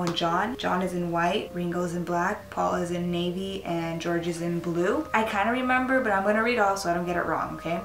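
A woman's voice: on the low side, slight background noise. A young woman chatting casually to camera from her laptop, rambling and easily spooked, with lots of "um" and "like". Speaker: vlogger. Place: small room indoors, seated at a laptop. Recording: echoey room.

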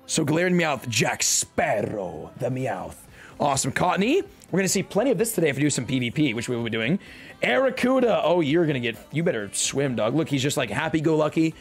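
A young man excitedly opening card packs on a live stream, joking and talking slangily to his chat. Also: a little high, fast, breathy edge, faint music behind. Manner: hyped, jokey, talks to chat, slangy.

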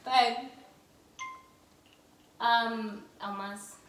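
A high-voiced woman who talks slowly and hesitates over her guesses. She laughs as she plays with family at home. The sound is distant and roomy, with faint noise. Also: steady tone. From South Africa. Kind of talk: casual family game chat. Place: home room indoors at night.

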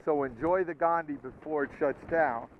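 A man's voice: fairly high pitch, normal speed. Enthusiastic New man, mid-run on the slopes, muffled lo-fi helmet cam. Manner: enthusiastic, folksy, talking while skiing. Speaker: ski vlogger giving a snow report. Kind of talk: casual on-slope snow report. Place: outdoors on a snowy ski mountain. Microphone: action camera on the skier. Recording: lo-fi action camera with wind noise.

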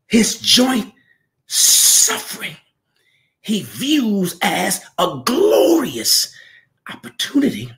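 An impassioned man preaching in a Pentecostal style, with a gravelly, forceful voice. He speaks slowly and lets his voice break into cries and sudden shouts, climbing and falling across a wide pitch range. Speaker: pastor.

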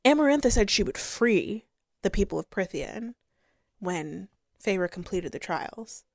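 A woman's voice: mid-range voice, a little slow, creaky, dry recording, clean studio sound. Sarcastic woman ranting a book review. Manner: sarcastic, exasperated, animated. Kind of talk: casual rant review.

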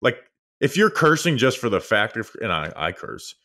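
A man's voice: medium pitch, sing-song, normal speed, pushed and bright. A man co-hosting a sports podcast, casually sharing opinions that trail off mid-thought. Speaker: podcast co-host.

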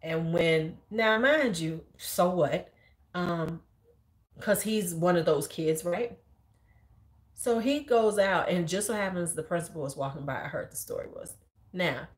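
A woman in her forties with a Chicago accent, a high school teacher telling stories in a blunt, profane and animated casual chat, acting out the people she quotes. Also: measured pace. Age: 40s.

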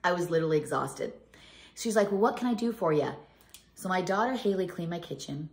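A middle-aged woman vlogging about home cooking, her voice sitting a little low. She rambles through stories with frequent restarts and fillers. The sound carries a noticeable room echo. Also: expressive, a little fast. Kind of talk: casual chat. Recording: echoey room.

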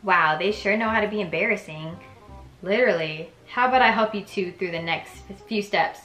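A woman's voice: medium pitch, fairly quick, a bit bright, echoey room, soft background music. A young woman reads aloud the dialogue of a story game, breaking in with chatty, reactive comments of her own. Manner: chatty and reactive, switches between reading and commenting. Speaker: gaming YouTuber reading a story game aloud.

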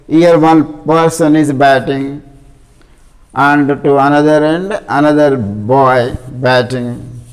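Indian English teacher with high voice. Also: male voice. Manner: explaining slowly with repeated checking questions. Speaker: school teacher. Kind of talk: English lesson for children.

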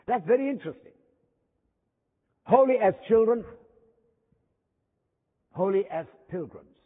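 A man preaching with a high, husky voice, leaning hard on key words and then falling to a near hush. His sermon rings out through a chapel with a long reverb tail. The sound comes through thin and narrow, like a phone line. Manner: emphatic preaching with dramatic pauses and drops in volume.

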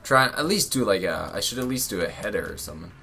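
Bright-voiced young man commentating gameplay. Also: on the low side, quick pace, creaky. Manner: excitable, yells and laughs at close plays. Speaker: gaming channel host.

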